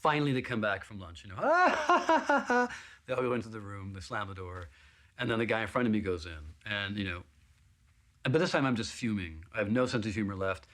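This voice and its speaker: A man's voice: very animated, brisk, fairly bright tone. A man telling an audition story, acting out the other people's lines in it. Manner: acts out other people's lines with big pitch jumps. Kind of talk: animated anecdote.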